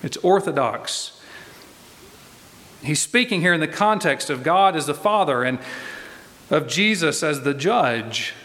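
A man preaching a sermon in a slow, deliberate way, pressing his points with emphatic repetition. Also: fairly high pitch, animated, fairly bright tone. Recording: long reverb of a large hall.

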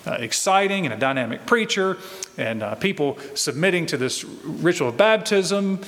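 Guy preaching a bible study sermon, kinda high voice, big echoey church sound, asks lots of questions. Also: animated, normal speed, fairly bright tone. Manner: conversational teaching with rhetorical questions. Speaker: pastor. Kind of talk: expository sermon.

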